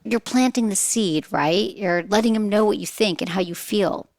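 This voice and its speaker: A woman's voice: medium pitch, normal speed, a little mellow, no room sound. A woman hosting a podcast, giving chatty sex advice with frequent rhetorical questions. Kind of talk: casual advice talk.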